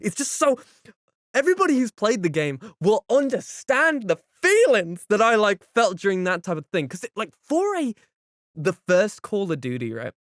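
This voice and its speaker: Animated man telling gaming stories. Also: high-pitched, moderate pace, no room sound, clean studio sound. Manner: animated storytelling, full of "like". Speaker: podcast co-host. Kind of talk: casual chat.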